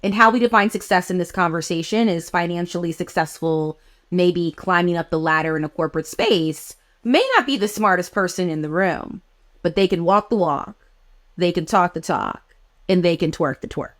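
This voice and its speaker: Lowish woman host, playful and emphatic, casual interview chat. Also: normal speed, fairly bright tone. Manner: playful, emphatic, asks questions. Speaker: podcast host.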